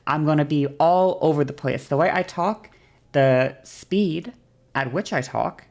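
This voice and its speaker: Woman, deep for a woman, casual stream explainer, bouncy, swears. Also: unhurried, creaky, a little mellow. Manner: bouncy, varied pitch and shifting pace.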